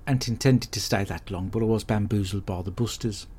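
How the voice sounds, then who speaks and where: An actor playing a hapless, crude bloke who rambles through a comic monologue in a deadpan, sweary way. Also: male voice, lowish voice, a little fast, slightly rough. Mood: grumbling. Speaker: comedy podcast character host.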